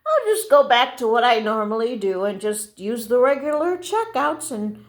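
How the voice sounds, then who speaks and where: An older woman telling a casual rambling story to camera, halting and restarting often. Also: fairly high pitch, very animated. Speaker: vlogger.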